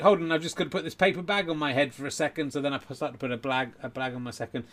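A man's voice: medium pitch, steady tone, rapid-fire, a bit bright. A middle-aged man hosting a podcast from home, rambling and self-deprecating, a little tipsy and flustered. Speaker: podcast host. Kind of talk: casual chat. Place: home during lockdown.

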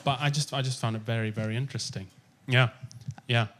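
A man in his thirties from Malaysia, a podcast guest who talks in an animated, amused way and laughs through his stories. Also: medium pitch, brisk, background noise. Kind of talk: casual conversation.

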